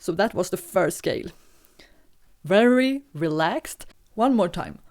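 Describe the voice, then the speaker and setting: A woman leads a vocal warm-up lesson, guiding each step calmly and patiently. Her voice sits fairly low but rises and falls in lively swoops. She takes her time, speaking at an unhurried pace. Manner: calm, patient step-by-step instruction. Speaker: singing teacher.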